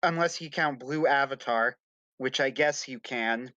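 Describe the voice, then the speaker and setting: Bright-voiced man hosting a stream. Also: medium pitch, normal speed, no echo, muffled recording. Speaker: livestream host. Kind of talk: casual chat.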